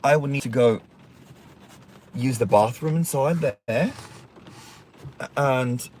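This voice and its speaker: A man's voice: mid-range voice, slow pace, long pauses, a little mellow, a little hiss or hum. A man hosting a casual livestream, campy and sassy, swearing freely and reading out viewer comments. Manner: reads viewer comments aloud. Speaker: livestream host.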